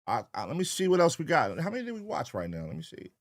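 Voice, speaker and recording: A man's voice: on the high side, wildly swooping pitch, fast. A young man hosting a late-night livestream, loose and profane, calling out chat names in a sing-song way. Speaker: livestream reaction host. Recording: faint hip hop music behind. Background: faint hip hop music.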